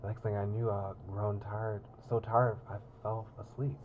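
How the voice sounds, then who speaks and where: A man's voice: on the low side, level tone, normal speed, few pauses, darkish tone, highs cut off, a little hiss or hum. A man reading through a visual novel on stream, narrating and chatting about it in a rambling, casual way with lots of fillers. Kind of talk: casual game commentary and narration.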